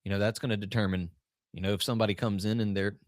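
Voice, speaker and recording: A man's voice: on the low side, fairly even intonation, very fast, no room sound, studio quality. A man hosting a coaching podcast, talking casually and rambling a little, with restarts and shifting emphasis. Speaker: podcast host and business coach.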